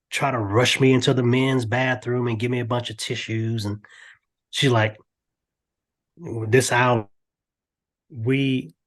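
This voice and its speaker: An older man, a podcast guest, talking earnestly in a lively storytelling way with frequent restarts. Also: mid-range voice. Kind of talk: candid podcast interview.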